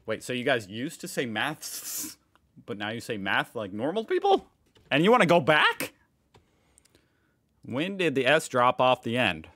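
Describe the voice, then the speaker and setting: A man's voice: mid-range voice, big pitch swings, a little slow, pauses often, a bit bright. An American man hosting a casual reaction video, reading posts aloud and commenting with amused, chatty remarks. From United States. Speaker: host reacting to online posts. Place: home room in Indiana.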